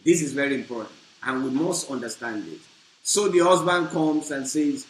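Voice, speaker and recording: A man preaching a teaching on marriage, with an emphatic delivery that swells into loud bursts. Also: medium pitch, lively intonation, brisk. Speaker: pastor. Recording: echoey room with faint hiss.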